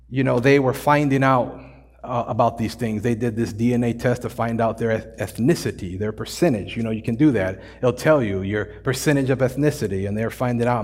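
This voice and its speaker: A male pastor preaching a sermon in a relaxed, joking, slangy way. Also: medium pitch, moderate pace, in a large hall. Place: church sanctuary.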